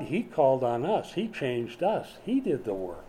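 Mellow-voiced older man preaching conversationally. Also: mid-range voice, big pitch swings, measured pace. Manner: conversational, asks the congregation questions. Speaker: pastor. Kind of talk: sermon. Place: small church during a power outage.

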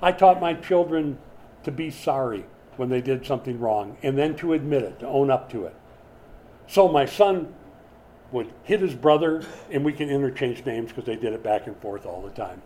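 Mellow-voiced man preaching conversationally. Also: mid-range voice, moderate pace, slight background noise. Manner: conversational and animated, with sudden dramatic swings; repeats words while building a point. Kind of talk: expository sermon.

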